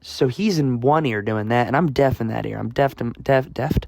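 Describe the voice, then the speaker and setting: Young man with a gravelly voice. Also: medium pitch, moderate pace, a little mellow, no room sound. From United States. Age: young adult. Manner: rambling, self-deprecating, lots of fillers and restarts. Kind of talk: casual storytelling vlog.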